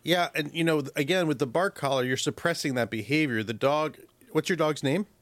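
A man's voice: fairly high pitch, fairly quick, fairly bright tone, dry recording. A man, a professional dog trainer, giving advice to a caller on a call-in radio show and acting out dog and owner voices as he explains.

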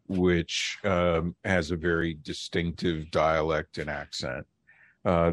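A middle-aged man appears as a linguist guest on radio, giving measured, lecture-like explanations and slowing on key words for stress. His voice sits low, and there's no echo.

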